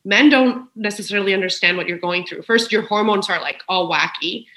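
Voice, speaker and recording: A woman's voice: mid-range voice, a little fast, pushed and bright. A woman speaking as a podcast guest in a frank, emotional, personal conversation, swearing freely. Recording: roomy echo.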